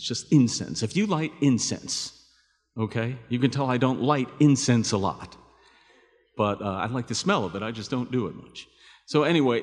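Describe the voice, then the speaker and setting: A man preaches to his congregation, his pitch rising and falling with a lively swing. His tone is conversational and he keeps asking the listeners questions. His voice rings out in a long reverb from the hall. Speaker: pastor. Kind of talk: sermon.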